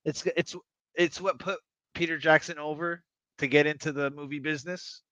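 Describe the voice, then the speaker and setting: Guy rambling on a podcast, cusses a lot, laughs easy, bright voice, kinda muffled dry sound. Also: on the high side, steady tone, normal speed, smooth, no room sound. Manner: rambling, swears freely, laughs often. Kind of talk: casual chat.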